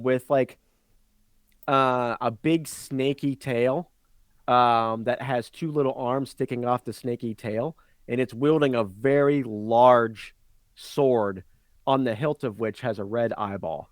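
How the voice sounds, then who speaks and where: A man of middling pitch runs a tabletop game as game master, describing scenes in a loose, rambling way with lots of ums and laughter. The mic is close and the sound dry, without room echo. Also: clean tone. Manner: rambling, giggly narration full of ums.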